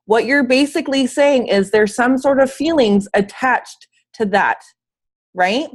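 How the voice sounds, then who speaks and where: A woman's voice: a little high, a little slow. A sick, slightly wheezy woman giving an upbeat, emphatic motivational talk as a fitness coach on a team call from home, speaking in casual slang. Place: at home, in bed.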